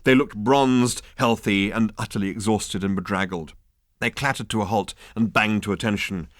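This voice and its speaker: A man's voice: lowish voice, fairly even intonation, moderate pace, no echo. A man narrating an audiobook in a dry, wry storytelling manner.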